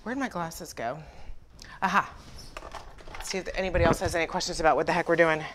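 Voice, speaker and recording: A woman's voice: on the low side, fairly even intonation, a little fast, fairly bright tone, a little hiss or hum. A woman hosting a furniture painting livestream, chatting with viewers and telling stories with acted-out dialogue and self-deprecating humor. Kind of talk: casual livestream chat.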